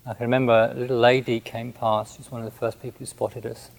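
Gravelly-voiced hesitant monk telling a story. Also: male voice, medium pitch, little pitch movement, quick pace, low-quality recording. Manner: hesitant, gentle, many restarts and fillers. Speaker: Buddhist monk. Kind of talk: recounting a personal story in a talk.

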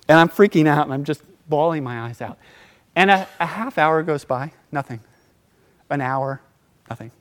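A middle-aged man telling a personal story in a relaxed, casual way, acting out quoted voices and laughing between lines. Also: fairly high pitch.

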